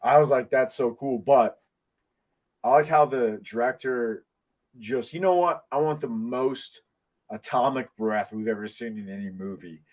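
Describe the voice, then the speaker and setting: Excitable rambling man on a podcast. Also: medium pitch, measured pace. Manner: excitable, rambling fan talk with many restarts. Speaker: podcast host. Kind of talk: casual podcast chat. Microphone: desk microphone.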